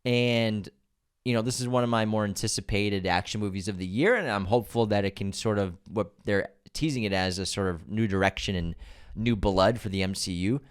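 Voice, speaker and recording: A man's voice: fairly low pitch, brisk, smooth. A man co-hosting a film podcast, bantering casually, joking, and reading listener reviews aloud. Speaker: podcast co-host. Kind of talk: casual chat.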